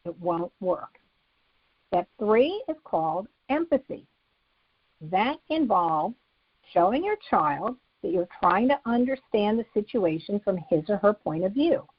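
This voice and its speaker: Husky-voiced woman teaching step by step. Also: medium pitch, very animated, a little slow, no room sound, dull audio. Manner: methodical, walks through numbered steps. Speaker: psychologist explaining a method to parents. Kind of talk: instructional talk.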